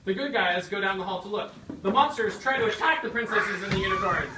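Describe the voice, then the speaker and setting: A woman's voice: mid-range voice, fast. A woman directing and narrating a children's story play, guiding the young actors and feeding them their lines. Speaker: children's drama teacher. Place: rehearsal room with children. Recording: echoey room, distant mic, background noise.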